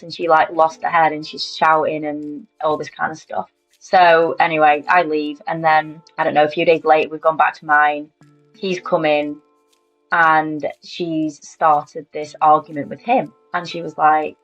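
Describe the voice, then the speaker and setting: A woman's voice: lowish voice, steady tone, normal speed. A British woman in her thirties, speaking candidly and conversationally as an interview guest recounting her own story. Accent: British English. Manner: candid, conversational, quiet and matter-of-fact. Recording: slightly dull lo-fi audio, faint music behind.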